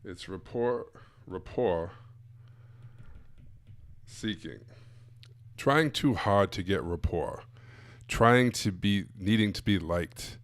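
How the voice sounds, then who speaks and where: A man's voice: on the low side, animated, takes it slowly, pauses often, dry recording. A man coaching other coaches live, blunt and direct, asking rhetorical questions and repeating his points. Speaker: sales coach. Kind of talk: live-streamed teaching.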